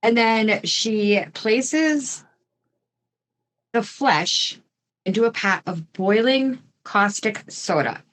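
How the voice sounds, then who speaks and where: Unhurried woman telling a true-crime story. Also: medium pitch, animated, fairly bright tone. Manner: chatty, with asides and mild swearing. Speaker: podcast co-host.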